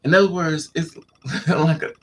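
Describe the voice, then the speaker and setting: A man telling a raunchy story to his live chat in a flamboyant, sassy way, laughing and squealing up high. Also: steady tone, measured pace, fairly bright tone, slight background noise. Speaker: live stream host.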